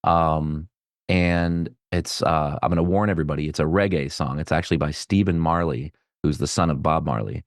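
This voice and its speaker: Deep-voiced male podcast host, dry sound. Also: fairly even intonation, normal speed, no echo. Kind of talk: casual interview chat. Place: home office.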